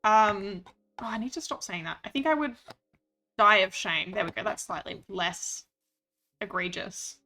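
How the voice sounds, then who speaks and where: A woman's voice: medium pitch, a little slow, sharp tone, soft background music. A woman streaming a game, chatting playfully and reading out chat. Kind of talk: casual gaming stream chat.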